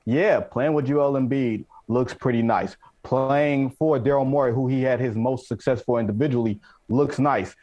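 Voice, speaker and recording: A man's voice: medium pitch, moderate pace, hardly any pauses, muffled recording. A man making emphatic points as a sports analyst on a debate show.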